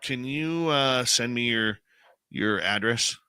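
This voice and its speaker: A man with a Canadian accent hosting a casual late-night radio chat, loud and excitable when he plugs the show. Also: mid-range voice, takes it slowly, smooth, no room sound, clean studio sound. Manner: loud, excitable sign-offs and show promos.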